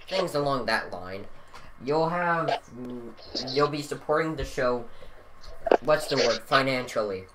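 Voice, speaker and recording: A man on a casual podcast giving strong opinions, his voice swelling loud for emphasis. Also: mid-range voice, lively intonation, a little slow. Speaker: podcast co-host. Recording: noisy home recording.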